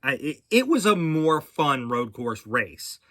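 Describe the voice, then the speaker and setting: A man's voice: fairly high pitch, very animated, takes it slowly, bright, forceful tone, no room sound, clean studio sound. A man hosting a casual racing podcast, talking in a rambling way with many fillers and restarts. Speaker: podcast host.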